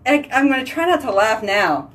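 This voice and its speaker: A woman's voice: a little high, big pitch swings, normal speed, fairly bright tone, recorded from a distance. A woman hosting a casual live video chat, telling giggly stories and answering viewer comments. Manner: chatty, giggly storytelling. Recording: voice slightly off-mic.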